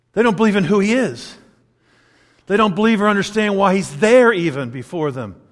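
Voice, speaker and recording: A pastor preaching a sermon, animated and chuckling between points as he acts out quotes. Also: high-pitched. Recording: long hall reverb.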